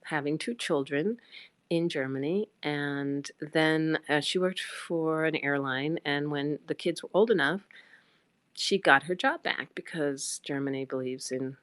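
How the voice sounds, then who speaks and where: A middle-aged woman with a low, deep voice, recorded dry and close on a phone. She spins a long, meandering personal story, leaning on fillers and acting out bits of dialogue. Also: unhurried, fairly bright tone, no echo. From United States. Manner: chatty and rambling, with many fillers and acted-out quotes. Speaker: livestream host. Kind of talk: casual storytelling on a livestream.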